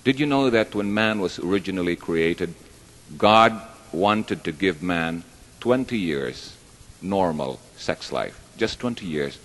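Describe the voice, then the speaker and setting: A man's voice: low voice, lively intonation, unhurried, fairly bright tone. A man telling jokes on stage at a live show, chatty and rambling, poking fun at himself. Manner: chatty, rambling, self-deprecating. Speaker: stage performer. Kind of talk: live stand-up joke telling. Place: large hall with live audience. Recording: long hall reverb.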